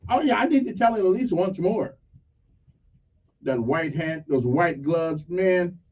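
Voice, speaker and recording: Man, morning radio host, folksy rambling shout-outs, high voice, dull lo-fi sound a bit off the mic. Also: animated, measured pace, recorded from a distance. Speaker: radio talk show host. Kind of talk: casual morning radio chat.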